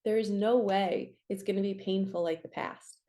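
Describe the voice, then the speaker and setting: A woman giving a casual, upbeat tarot reading as a spiritual coach, chatting encouragingly with quick asides. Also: medium pitch, fairly even intonation, warm tone.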